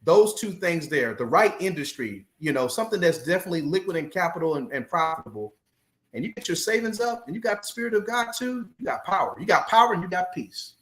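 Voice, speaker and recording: High-voiced pastor preaching on a show, repeats phrases, roomy echo. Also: male voice, expressive, fast talker, a bit bright. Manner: preacherly, building passion, repeats key phrases. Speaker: pastor, guest. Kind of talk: preaching in a podcast interview.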